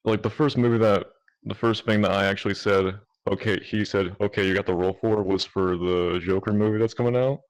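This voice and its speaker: Deep-voiced man with a Mississippi accent. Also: fairly even intonation, a little fast. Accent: Southern US, Mississippi. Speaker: guest, amateur voice actor. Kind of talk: casual chat. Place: virtual reality chat room.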